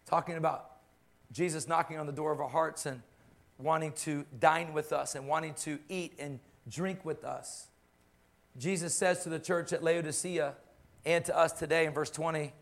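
Male pastor, high voice, preaching with fervor and repetition. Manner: impassioned, repeats phrases for emphasis. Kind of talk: sermon.

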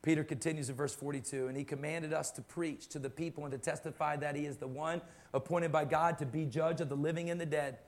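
Male pastor, high voice, preaching with fervor and repetition. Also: fairly even intonation, quick pace, few pauses. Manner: impassioned, repeats phrases for emphasis. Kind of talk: sermon.

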